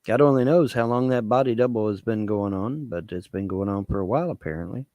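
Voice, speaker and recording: A man's voice: fairly low pitch, quick pace, warm tone, no echo, lo-fi sound. A man ranting to his viewers as a vlogger, swearing, repeating himself and asking rhetorical questions. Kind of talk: rambling political rant to camera.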